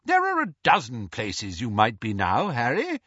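A man voicing a kindly middle-aged father wizard who talks quietly and reasonably. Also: mid-range voice, huge pitch swings, moderate pace, slightly rough, no room sound, lo-fi sound, full character voice. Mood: reasoning.

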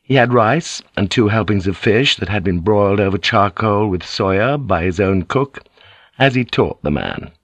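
Fields: Sex: man. Role: audiobook narrator. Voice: low. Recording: dry and close. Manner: measured. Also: lively intonation, a bit bright, no echo.

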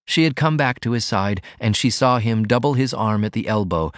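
A man narrating a novel aloud in an expressive, scripted reading. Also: lowish voice, moderate pace, dry recording. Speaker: audiobook narrator.

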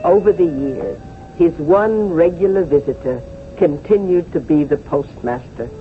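A man narrating a radio drama in a calm, measured storytelling voice. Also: on the high side, a little hiss or hum. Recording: tinny old radio broadcast with music.

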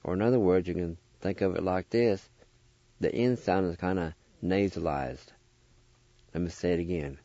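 A man hosting a radio language lesson, spelling words out letter by letter and repeating each syllable slowly and deliberately. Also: sits low, mellow, no room sound, highs cut off. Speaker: radio host teaching language vocabulary.

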